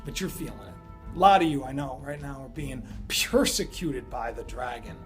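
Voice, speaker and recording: Here the prophecy host's voice sits in the mid range, animated and at normal speed, with faint music behind. He chats casually about end-times signs, rambling with plenty of fillers and asides.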